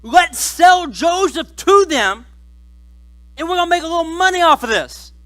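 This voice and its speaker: A man preaching a sermon voices jealous young brothers who scheme eagerly, a little louder and higher than his own voice. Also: a little slow, dry recording, heavily acted. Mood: scheming. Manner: eager, conspiratorial.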